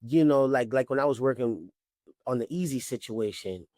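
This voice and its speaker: A man's voice: mid-range voice, moderate pace, darkish tone, no room sound, clean studio sound. Laid-back New Orleans man telling stories. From New Orleans, Louisiana. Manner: laid-back storytelling, frequent "you know what I mean". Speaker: actor, interview guest. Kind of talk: casual interview chat.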